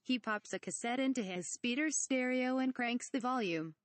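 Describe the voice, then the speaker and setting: A woman's voice: a little high, moderate pace, no room sound. A woman reading a parody script aloud, stage directions and speaker names included. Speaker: reader.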